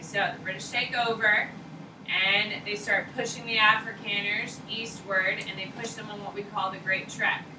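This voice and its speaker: Woman teacher lecturing in an echoey room. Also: mid-range voice. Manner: casual, emphatic, repeats key points with frequent "okay". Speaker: history teacher. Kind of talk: classroom lecture. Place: classroom. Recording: roomy echo, distant mic, noisy.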